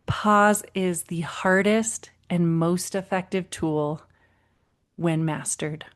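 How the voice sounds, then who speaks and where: Woman parenting coach talking on her podcast, kinda low voice, encouraging and friendly. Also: slow. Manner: warm, encouraging, acts out quotes with animated voices. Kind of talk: solo podcast advice.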